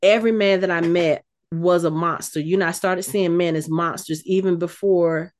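A woman co-hosting a casual chat, retelling a scene with lively, acted-out quotes. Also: on the low side, normal speed. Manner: animated storytelling, acts out quotes. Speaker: podcast co-host recapping a TV episode.

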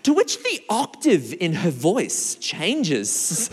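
Animated preacher man in echoey hall. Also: high-pitched, takes it slowly, few pauses, slightly rough. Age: 40s. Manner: animated, playful storyteller acting out other people's voices. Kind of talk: sermon with storytelling.

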